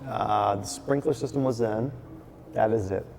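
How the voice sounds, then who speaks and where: Animated man telling a story in a taproom. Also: on the low side, normal speed, slight background noise. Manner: animated storyteller, acts out quotes with restarts. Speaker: brewery owner, guest. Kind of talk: casual storytelling chat. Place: his brewery taproom.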